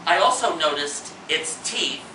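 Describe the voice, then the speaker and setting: A man's voice: a little high, animated, measured pace, pushed and bright, far from the mic. A man from Indiana performing a comic one-man storytelling show, acting out his panic with shrieked lines. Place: theater stage with a live audience. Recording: roomy hall, mic from afar, noisy.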